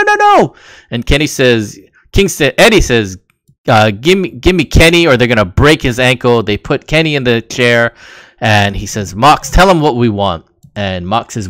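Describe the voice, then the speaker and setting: A man's voice: mid-range voice, a bit bright, no echo. A man co-hosting a casual wrestling recap podcast, rambling and laughing as he retells the action. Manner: rambling, laughs while recounting. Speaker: podcast co-host.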